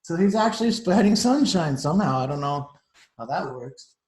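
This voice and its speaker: A man's voice: fairly high pitch, lively intonation, moderate pace, darkish tone. A man, a teacher, reads a storybook aloud to children at home, breaking off for simple, chatty explanations of words. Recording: roomy echo.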